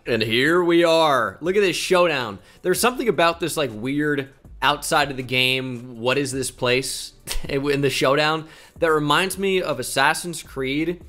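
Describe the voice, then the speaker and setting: A man giving casual, joking video game commentary, excitable and swearing freely. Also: medium pitch. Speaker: gaming YouTuber.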